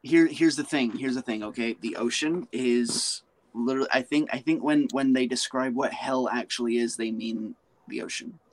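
A blunt, swearing man on a casual podcast chat, his voice sitting at a middle pitch. He drives every point home with emphasis. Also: moderate pace.

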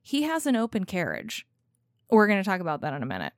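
A woman co-hosting a casual book podcast, retelling scenes in an animated, slangy way. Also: mid-range voice, fast, dry recording, clean studio sound. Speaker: podcast co-host. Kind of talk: casual book-club chat with read-aloud passages.

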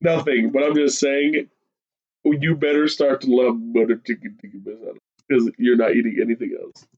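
A man's voice: mid-range voice, normal speed, muffled recording. A man co-hosting a podcast in casual, profane, joking banter. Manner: joking, profane, lively delivery. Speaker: podcast co-host.

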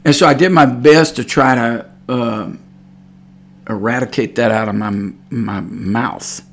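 A man's voice: medium pitch, a little slow, vocal fry. A man with a Texan accent hosting a religious podcast, telling stories in a folksy, meandering way with many fillers. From Texas. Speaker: podcast host. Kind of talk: rambling religious podcast talk.

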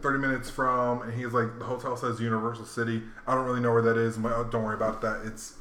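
Bright-voiced man in a roomy space. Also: mid-range voice, little pitch movement, fast. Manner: rambling, laid-back, lots of fillers. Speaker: podcast co-host. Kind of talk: casual storytelling chat. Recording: roomy echo, faint room noise.

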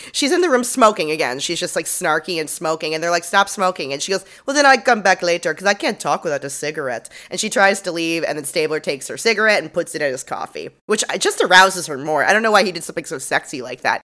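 A woman's voice: on the low side, expressive, quick pace, a bit bright. A young woman co-hosting a podcast, recapping a TV episode in casual, sarcastic chat, swearing freely and laughing often. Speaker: podcast co-host.

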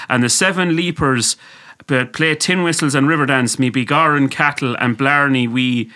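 A man's voice: on the high side, bright, forceful tone. A man putting on an exaggerated stage-Irish voice for a comic reading, sing-song and drawn out. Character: mock stage-Irish man, cheery and overblown.

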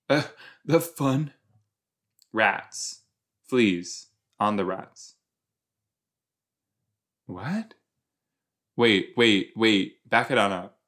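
Podcast host, male, from LA, rambling and giggly, slow unhurried pace. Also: fairly low pitch, a bit bright. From Los Angeles area. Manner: giggly, rambling, self-mocking. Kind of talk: rewatch reaction commentary.

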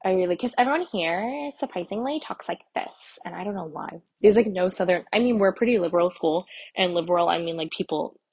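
Young female podcast host, low and gravelly, rambling casual chat on an earbud mic. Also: expressive, a little fast, hardly any pauses, a little mellow. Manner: rambling, chatty, many fillers and restarts. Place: walking indoors. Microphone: earbud microphone.

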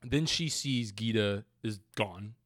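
A man's voice: on the low side, takes it slowly, no room sound, studio quality. A young man co-hosting a podcast, recapping a movie in casual chat, swearing freely and getting worked up. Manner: animated, profane, laughs often, acts out quotes. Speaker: podcast co-host.

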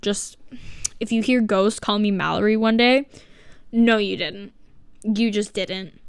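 A woman's voice: mid-range voice, unhurried, vocal fry, long pauses, clear, resonant tone, no echo, clean studio sound. A seventeen-year-old girl hosting her first podcast from her living room, rambling and self-mocking with sarcastic asides and swearing. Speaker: podcast host. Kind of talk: casual solo podcast chat.

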